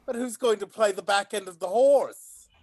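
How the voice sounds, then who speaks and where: A man's voice: high voice, normal speed, a little mellow, no room sound. A man reading the part of a clumsy, blunt male stagehand with a grumbling manner in an amateur play reading. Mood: grumpy.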